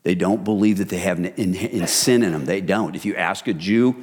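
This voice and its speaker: A man's voice: low-pitched, moderate pace, a little mellow, husky. Man, middle-aged, pastor, conversational sermon, long hall reverb. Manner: conversational, addresses listeners as "you guys".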